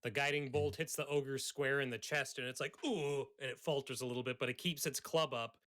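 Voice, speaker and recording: A man's voice: medium pitch, steady tone, fairly quick, a bit bright. A man narrating as game master of a tabletop role-playing game, laughing often with his players.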